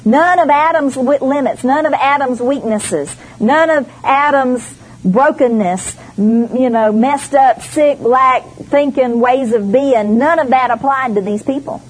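A woman's voice: high-pitched, a little slow, low-quality recording. A woman preaching a sermon, emphatic and storytelling, voicing the people she quotes. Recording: faint background noise.

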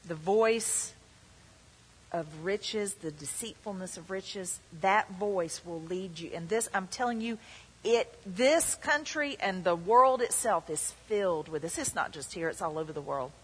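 Casting: woman pastor, husky voice, emphatic preacher, church hall reverb. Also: medium pitch, expressive, measured pace, a bit bright. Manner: emphatic preaching, voices the tempter's lines in quotes. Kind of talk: sermon.

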